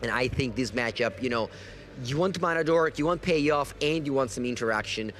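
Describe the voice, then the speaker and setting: A man giving lively, analytical live commentary on a card game match, correcting himself as he goes. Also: mid-range voice, moderate pace. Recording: faint background noise.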